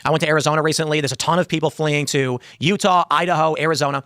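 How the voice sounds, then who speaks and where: Quick, confident male pundit, dry close mic. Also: fairly high pitch, steady tone, sharp tone, no echo. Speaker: political pundit in a clip. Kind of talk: political talk show.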